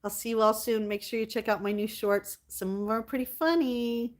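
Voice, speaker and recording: A woman hosting her livestream, chatting casually with viewers, reading their comments aloud and thanking them warmly. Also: a little high, steady tone, fairly quick. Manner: affectionate, thanks viewers often. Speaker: livestream host.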